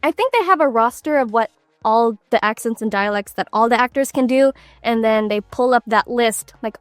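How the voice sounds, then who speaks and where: Young woman voice actress, bright high voice, animated and laughing, dry close sound, faint music behind. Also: moderate pace, no echo. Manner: animated storytelling with frequent laughs. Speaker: voice actress guest. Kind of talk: casual interview chat.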